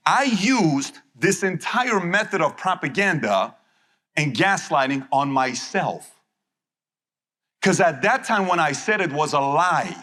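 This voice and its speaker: A middle-aged man giving a live motivational talk to an audience, emphatic and acting out quick back-and-forth dialogues. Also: on the high side, pushed and bright. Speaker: motivational speaker.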